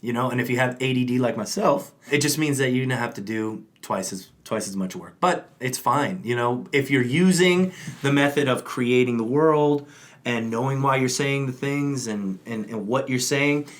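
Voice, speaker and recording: Energetic man coaching actors, chatty. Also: mid-range voice, moderate pace. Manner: energetic, often tags sentences with "right?". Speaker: acting coach and co-host. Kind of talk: casual instructional chat.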